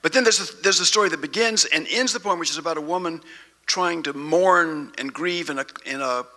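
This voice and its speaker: Poet guy reading on a festival stage, kinda high and super bright voice, rambly between poems. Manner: chatty and halting between poems; unhurried poetic reading. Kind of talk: poetry reading with spoken introduction. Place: festival stage before an audience.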